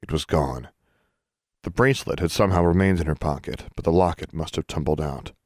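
A man narrating an audiobook in a steady storytelling manner. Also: rumbling low, a little fast, no room sound, clean studio sound.

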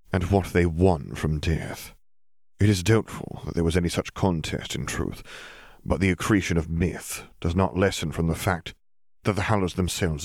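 A man voicing an old male wizard headmaster who speaks in a measured, formal way. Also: low-pitched, no room sound, clean studio sound.

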